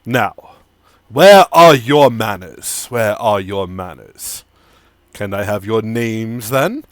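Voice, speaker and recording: A man doing a menacing tiefling who swings from sly murmurs to sudden shouted threats. The voice rises and falls widely and moves at a slow, deliberate pace. It sounds close and dry, with no room around it. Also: on the low side, expressive, dry recording. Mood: smug. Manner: taunting, theatrical, sudden shouts. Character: smug menacing male tiefling stranger.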